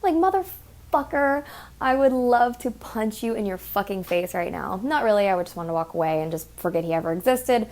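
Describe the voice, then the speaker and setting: A woman's voice: mid-range voice, expressive, fairly quick, a little mellow. A woman hosting a podcast, telling a story in a blunt, heated, profane way and mimicking the people in it. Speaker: podcast host. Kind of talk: casual storytelling monologue.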